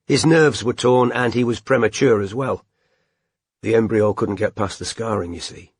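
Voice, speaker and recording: A man's voice: fairly low pitch, normal speed, slightly rough, no echo. A man voicing a young woman detective who is tearful and shaken, with a strained, breaking voice. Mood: subdued.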